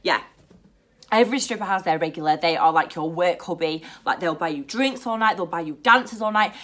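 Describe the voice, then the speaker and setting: A young British woman chatting to camera in a blunt, profane and animated way. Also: lowish voice, a little fast. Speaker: vlogger. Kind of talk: casual to-camera chat.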